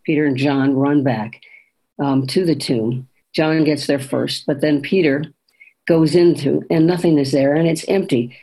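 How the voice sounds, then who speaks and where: A woman co-hosting a podcast walks through a scripture scene in an easy conversational tone. She quotes the lines as she goes, with an even, reflective manner. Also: sits low, a little slow, breathy edge, low-quality recording. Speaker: podcast co-host. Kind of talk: conversational faith podcast discussion.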